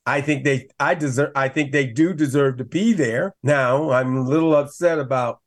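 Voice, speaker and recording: A man's voice: medium pitch, normal speed. A middle-aged man talking as a guest on a sports radio show, enthusiastic and repeating himself for emphasis. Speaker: guest analyst, former running back.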